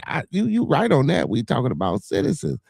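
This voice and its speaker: A man's voice: mid-range voice, wildly swooping pitch, a little fast, creaky, darkish tone, slightly rough, dry recording, studio quality. A man with a Chicago accent hosting a livestream, joking and cursing loosely while reading chat comments aloud. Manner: loose, profane, joking banter with frequent filler. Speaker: livestream podcast host.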